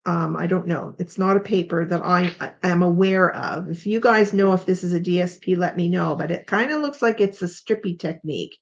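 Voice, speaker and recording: A woman's voice: on the low side, fairly quick, gravelly, few pauses. A middle-aged woman from Canada hosting a casual craft demonstration, chatty and tired, thinking aloud with unsure asides. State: tired, yawning. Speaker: craft tutorial host. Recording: slightly dull lo-fi sound.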